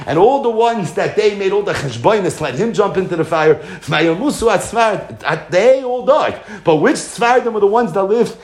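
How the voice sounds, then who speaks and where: Guy teaching a torah class, bit high voice, lively and chuckling, echoey room. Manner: animated storytelling, often chuckling. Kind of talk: Torah lecture.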